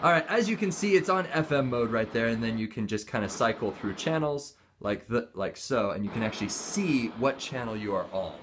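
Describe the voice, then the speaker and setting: A man's voice: medium pitch, expressive, fairly quick, hardly any pauses, background noise. A man hosting a casual product review demo, chatty and playful with mock-formal jokes. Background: music from the speaker.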